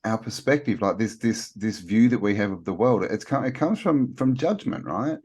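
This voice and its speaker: A man's voice: on the low side, animated, normal speed, a little mellow, breathy edge. A man from Australia co-hosting a casual conversation, thoughtful and rambling with many fillers. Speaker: co-host.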